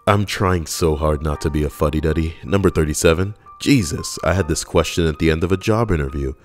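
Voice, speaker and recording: Deadpan low-voiced man reading jokes. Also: brisk, faint music behind. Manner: deadpan and sardonic, swearing. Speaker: comedy YouTuber reading jokes. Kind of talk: casual comic joke reading.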